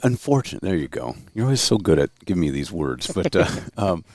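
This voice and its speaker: A man with a very deep voice co-hosts a relaxed talk podcast. He reasons aloud and stops to search for his words, and the sound is dry and close-miked. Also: fairly quick, no echo. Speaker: podcast co-host. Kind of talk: casual discussion.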